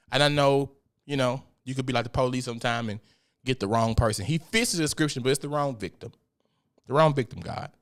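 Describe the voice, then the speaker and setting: Man, podcast host, mid-pitched voice, casual solo rant, profane, joking. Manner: profane, blunt and joking, breaks into laughter; mock-preachy when addressing God.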